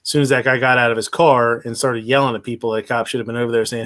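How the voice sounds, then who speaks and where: A man's voice: mid-range voice, little pitch movement, quick pace, few pauses, fairly bright tone. A man hosting a livestream, commenting on news in a rambling, hesitant way with many fillers and restarts. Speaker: livestream host.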